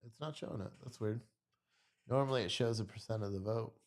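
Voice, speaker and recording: A man's voice: fairly low pitch, a little fast, a little mellow. Man, live-stream host, tired, rambling, profane, casual commentary.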